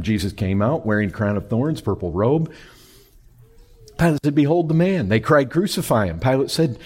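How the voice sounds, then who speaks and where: A man preaching a sermon, animated, swinging between loud high emphasis and quiet low lines. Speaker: pastor.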